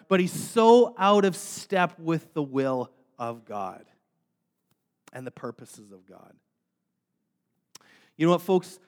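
A man's voice: high-pitched, big-room sound. A man pastor delivering a sermon to his congregation, emphatic and repetitive, building in rising phrases.

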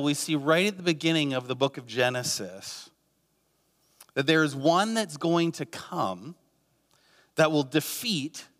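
An earnest man preaching a sermon, his voice sitting a little high for a man. He asks many rhetorical questions and repeats key phrases. A long reverb trails his words, as in a big hall. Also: a bit bright. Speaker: pastor.

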